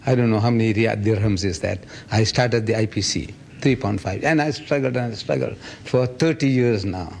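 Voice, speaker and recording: A man in his seventies giving a public lecture and answering audience questions, telling stories with lively energy. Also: normal speed, vocal fry. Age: 70s. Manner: animated storytelling, acts out others' voices with big pitch jumps.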